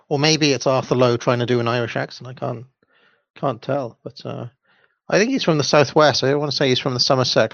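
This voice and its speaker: A man with a gravelly voice makes wry, rambling asides while reading out the chat. The sound is dry, with a muffled lo-fi quality. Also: medium pitch, no echo. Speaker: co-host reading the live chat. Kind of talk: casual chat.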